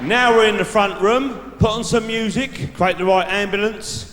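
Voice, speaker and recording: A man working a live room as a cocky, laddish bloke handing out dating advice. His voice sits a little high and rings out through a big echoing hall, with a faint hiss underneath. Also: measured pace. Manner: brash laddish bloke giving dating tips. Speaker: stand-up comedian. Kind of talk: stand-up character act. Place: large live venue stage. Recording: echoey hall from the stage mic.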